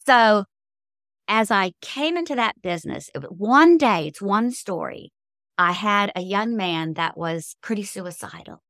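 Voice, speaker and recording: A middle-aged woman appears as a guest author in an interview, sharing heartfelt, faith-based stories in an earnest, emotional way. Her medium-pitched voice is expressive and fairly bright at a moderate pace, recorded cleanly in a studio with no room sound.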